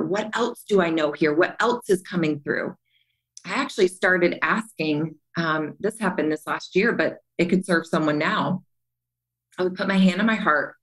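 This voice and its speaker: A woman's voice: lowish voice, rough recording. A middle-aged woman on a podcast, earnestly telling her story and acting out the voices in it. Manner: earnest and animated, acts out quotes. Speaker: podcast guest. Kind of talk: candid storytelling conversation.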